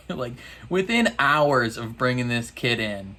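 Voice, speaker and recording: Slow-talking man recapping with laughs. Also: medium pitch, animated, bright, forceful tone. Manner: laughs often, loose slangy storytelling with fillers. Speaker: reaction video host. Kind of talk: casual episode recap.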